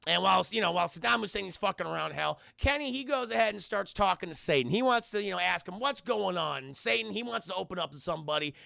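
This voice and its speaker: A man's voice: sits high, expressive, fast talker, gravelly, hardly any pauses, bright, forceful tone, dry recording, studio quality. A young man streaming a live film review, recapping scenes to his chat with frequent laughter, loose swearing and acted-out quotes. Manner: laughs often, swears freely, acts out quotes.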